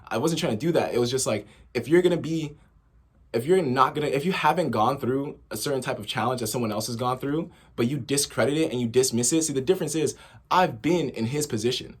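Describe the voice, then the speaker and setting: A man's voice: mid-range voice, a little fast, slightly rough. A young man in a casual vlog monologue, rambling with many fillers and restarts. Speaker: vlogger.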